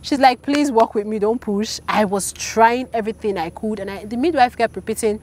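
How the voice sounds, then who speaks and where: Woman, thirties, interview guest, animated storyteller, mid-pitched voice, faint background noise. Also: brisk. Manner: animated, acts out quoted voices. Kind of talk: casual storytelling.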